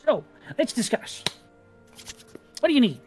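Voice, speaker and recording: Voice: medium pitch, big pitch swings, unhurried, darkish tone, faint music behind, pitched above the performer's own voice. A game master voicing a small, fussy gnome woman who runs a metal shop, flustered and businesslike.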